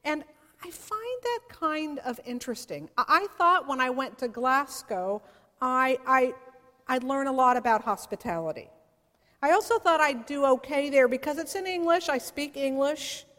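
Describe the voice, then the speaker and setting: A woman's voice: high voice, expressive, normal speed, a bit bright. A middle-aged woman pastor from the San Francisco area, preaching a sermon in a conversational storytelling way with playful asides. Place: church sanctuary. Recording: long hall reverb.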